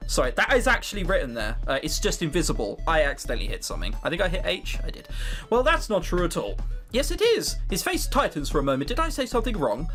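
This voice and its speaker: A woman's voice: a little high, big pitch swings, brisk, fairly bright tone, faint music behind. A young woman reading a visual novel aloud and commenting, sweary and sarcastic. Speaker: let's play host.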